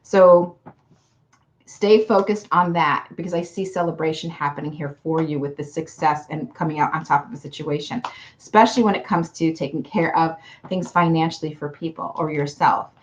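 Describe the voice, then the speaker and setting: A woman's voice: low voice, moderate pace. A woman giving casual card readings to viewers on a livestream, chatty and affectionate, calling people hun. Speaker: card reader.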